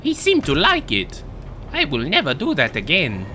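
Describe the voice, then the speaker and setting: A man putting on a crass, boastful cartoon plumber voice with bouncy high exclamations. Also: huge pitch swings, normal speed, sharp tone, slight background noise, heavily acted. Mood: crude boasting. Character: crude boastful male plumber cartoon hero.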